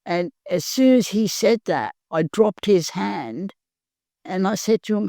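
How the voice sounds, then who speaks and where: An older woman from Perth with an Australian accent, telling her recovery story in a halting, earnest way, full of pauses. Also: medium pitch, expressive, gravelly, warm tone, no echo, studio quality. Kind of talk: personal recovery testimony.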